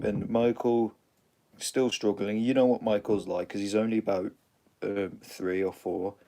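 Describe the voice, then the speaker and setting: A man with an English accent tells a story in a loose, rambling way, stringing events together with "and" and trailing off into fillers. His voice sits fairly low and sounds dark and mellow, with a faint hiss of noise behind it. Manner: rambling, with frequent "and yeah" fillers and restarts. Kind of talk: casual rambling story retelling.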